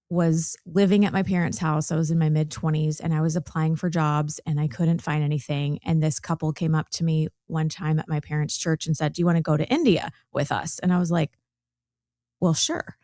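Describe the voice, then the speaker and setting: A woman in her forties, from the American South, chats as a podcast guest in a slightly low voice. She tells her story freely and laughs easily. The recording is dry and close. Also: little pitch movement, normal speed, dry recording. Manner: chatty, warm storytelling with laughs. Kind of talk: casual interview chat.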